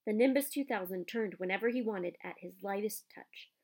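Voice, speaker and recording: A woman narrating a children's audiobook in a calm, even storytelling manner. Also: mid-range voice, brisk.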